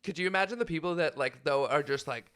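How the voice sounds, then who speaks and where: A man's voice: fairly high pitch, quick pace, fairly bright tone. A young man co-hosting a casual podcast chat, riffing on jokes and laughing often. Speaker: podcast co-host.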